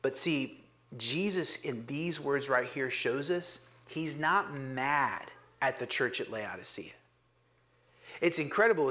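Earnest man preaching, bright voice. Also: mid-range voice. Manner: earnest, swings from hushed whispers to emphatic urging. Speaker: pastor. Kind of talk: sermon.

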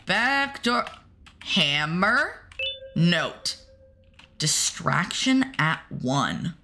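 A woman's voice: mid-range voice, big pitch swings, a little slow, sharp tone. Jumpy woman streaming a horror game. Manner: jumpy, talks to the chat and the game, yelps when startled. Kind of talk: casual gameplay commentary to chat.

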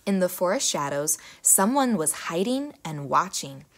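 A young woman reads a children's folktale aloud, with her voice rising and falling freely from line to line. Her delivery is expressive and animated, made for young listeners. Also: fairly low pitch, unhurried. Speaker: storyteller. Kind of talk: children's story read aloud.

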